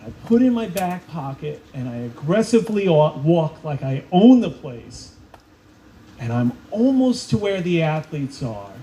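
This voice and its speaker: Animated man coach giving a speech. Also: on the high side, a little slow, a little hiss or hum, rough recording. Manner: animated storytelling with voiced quotes. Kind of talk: ceremony speech with anecdotes. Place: school event space.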